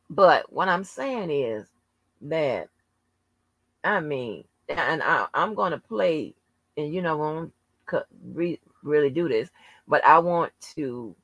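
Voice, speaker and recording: Sharp-voiced woman ranting heatedly. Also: low voice, no echo. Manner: heated, profane, drawn-out emphatic delivery. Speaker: channel host. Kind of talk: casual rant to camera.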